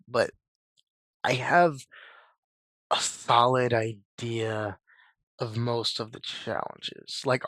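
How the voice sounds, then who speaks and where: Hoarse guy with a cold doing a chill fan video, rambles a lot, um um, dry close sound. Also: medium pitch, pushed and bright, no echo. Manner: rambling, filler-heavy, shrugs things off with "blah, blah". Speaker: YouTube host. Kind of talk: casual fan-theory chat.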